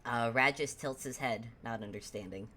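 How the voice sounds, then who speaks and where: A woman's voice: very deep voice, normal speed, bright, forceful tone, a little hiss or hum. A woman running a tabletop game as game master, narrating with frequent giggles. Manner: giggly, laughs often.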